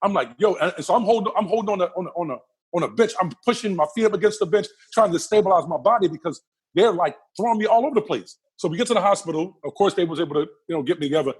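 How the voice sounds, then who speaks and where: A husky, slightly high-voiced middle-aged man talks at a rapid clip as an interview guest. He tells his stories vividly, repeating phrases for emphasis and acting out the people in them. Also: expressive. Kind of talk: animated storytelling in a casual interview.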